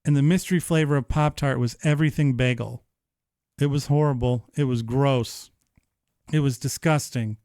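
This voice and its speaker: A man in his thirties hosting a live-streamed show, chatting casually in an animated, profane, rambling way. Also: mid-range voice, moderate pace, dry recording, studio quality. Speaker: livestream show host.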